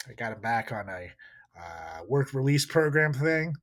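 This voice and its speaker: A man co-hosting a podcast in casual chat, animated and profane, laughing often. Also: medium pitch, a little slow. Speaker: podcast co-host.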